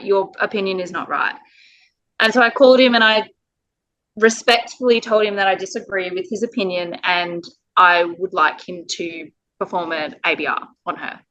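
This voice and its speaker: A woman's voice: medium pitch, sharp tone, rough recording. A woman from Australia, a parent telling her story in an interview, earnest and emotional with the odd laugh. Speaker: parent guest.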